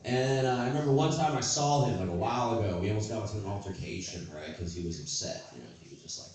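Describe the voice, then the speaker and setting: A man's voice: lowish voice, expressive, fast. Guy doing crude rambly standup on a club stage, sounds far off in a super echoey room. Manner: rambling, crude, loose and self-mocking. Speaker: stand-up comedian. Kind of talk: stand-up set at an open mic. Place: comedy stage.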